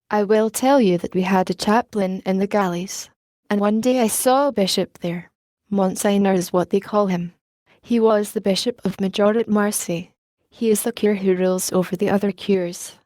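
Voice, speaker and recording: A woman's voice: medium pitch, warm tone, no room sound, studio quality, lightly acted. A woman reading the part of a weary, humble male ex-convict in an audiobook, eager and pleading.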